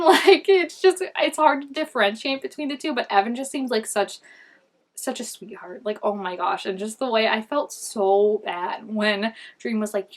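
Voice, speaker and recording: A woman's voice: fairly high pitch, normal speed. A young woman rambles through a casual fan recap vlog, gushing over the characters. She keeps circling back on her thoughts and stacks up filler words as she goes.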